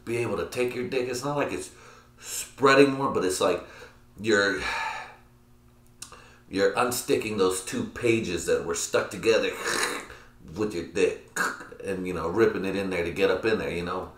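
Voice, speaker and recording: A man's voice: low-pitched, a little slow, long pauses, fairly bright tone. Crude rambling man in echoey room. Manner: crude, rambling, laughing at own jokes. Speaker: podcast host. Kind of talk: casual solo podcast rant. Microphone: computer mic.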